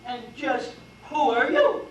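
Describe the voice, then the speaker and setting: A man playing a pompous young gentleman from a proud family, speaking in a huffy, self-important way on stage. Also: very high-pitched, wildly swooping pitch, slow pace, dull audio, a little hiss or hum, full character voice. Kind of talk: amateur stage acting. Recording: distant stage voice in echoey hall.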